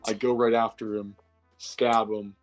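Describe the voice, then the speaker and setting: A man's voice: lowish voice, little pitch movement, measured pace, faint music behind. A man casually recapping a tabletop game session as a player, rambling and correcting himself as he goes. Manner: rambling, self-correcting, filler-heavy.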